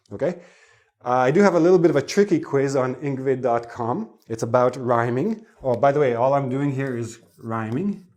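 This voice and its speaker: A man's voice: medium pitch, a little mellow. A man teaching an English pronunciation lesson online, explaining in a chatty way and asking his viewers questions.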